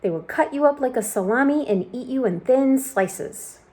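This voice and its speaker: A man's voice: very high voice, animated, moderate pace, a little mellow, pitched above the performer's own voice. A woman voicing a boastful, rude male centipede in a storybook reading, scornful and taunting. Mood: gleeful.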